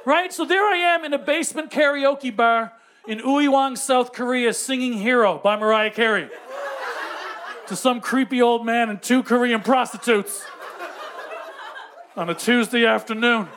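A man from Newfoundland with a strikingly high voice works a comedy club stage, spinning stories with lively energy and casual swearing. The live recording carries clear room and crowd noise around him. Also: unhurried. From Newfoundland, Canada. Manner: storytelling, animated, swears freely. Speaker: stand-up comedian. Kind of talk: stand-up comedy set.

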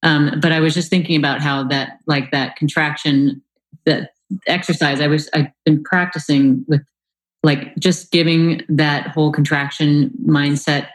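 Woman in a group call, halting and searching for words, pretty flat voice. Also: low voice, rough recording. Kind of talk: casual personal sharing.

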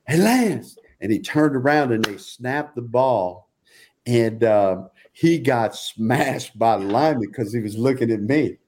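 Older ex-coach, chatty guest, jovial anecdotes, mid-pitched voice. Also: male voice, a little mellow. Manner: laughs often, acts out quotes in a higher voice. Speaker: former football coach, guest. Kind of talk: casual podcast chat, storytelling.

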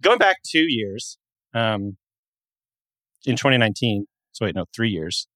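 A man's voice: lowish voice, big pitch swings, unhurried, fairly bright tone, no echo. A man co-hosting a fantasy football podcast, talking in a rambling way and correcting himself as he goes. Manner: rambling, self-correcting, many fillers. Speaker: podcast co-host. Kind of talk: casual sports podcast chat.

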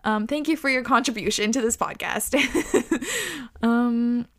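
A young woman with a fairly high voice hosts a casual podcast, reading listener stories aloud. She reacts with loud exclamations, frequent laughter and free swearing, talking loosely and chattily. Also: takes it slowly.

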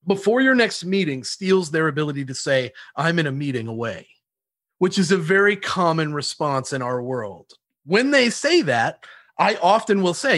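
Lively high-pitched man telling sales stories. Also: dry recording, studio quality. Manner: animated storytelling with quoted dialogue and laughs. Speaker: sales trainer. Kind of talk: podcast interview answers.

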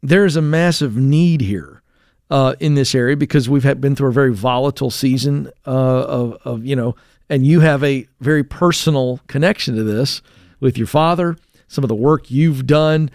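A man's voice: mid-range voice, moderate pace, a little mellow, dry recording, studio quality. A man co-hosting a call-in radio show, talking casually with fillers and restarts as he reads from a list. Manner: conversational, frequent fillers and restarts.

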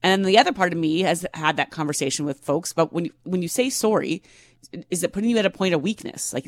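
A woman's voice: lowish voice, fast talker, no room sound. Chatty Canadian woman co-hosting radio. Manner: chatty, laughs often, says "like" a lot. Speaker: radio co-host. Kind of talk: morning radio talk.

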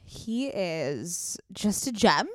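A woman's voice: mid-range voice, big pitch swings, drawn-out words, no echo, studio quality. A young woman co-hosting a podcast in casual chat, playful and teasing, full of enthusiasm. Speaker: podcast co-host.

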